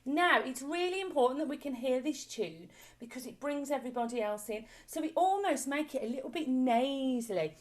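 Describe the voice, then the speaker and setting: A woman leading an online choir warm-up from home over a video call, chatty and encouraging, coaxing the group along with repeated praise. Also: high voice, animated, fairly quick, few pauses. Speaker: choir leader. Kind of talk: online singing warm-up class.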